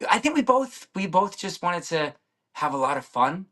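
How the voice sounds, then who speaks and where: A middle-aged man, a former music TV host, excitedly telling stories in a casual chat and often stammering over repeated words. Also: high voice, moderate pace.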